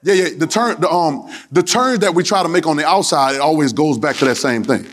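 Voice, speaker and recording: A man preaching a sermon, joking and trading call-and-response lines with the congregation, at times shouting or half-singing his phrases. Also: a little high, a little fast, slight background noise. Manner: breaks into shouts and sung phrases.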